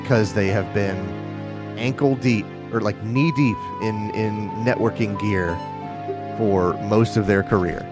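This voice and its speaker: A low-voiced man talks casually while hosting a live game stream, drifting from one tangent to the next. Game music plays clearly behind him. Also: fairly even intonation, measured pace. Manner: rambling, storytelling with quoted asides. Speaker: stream host. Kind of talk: casual chat while gaming.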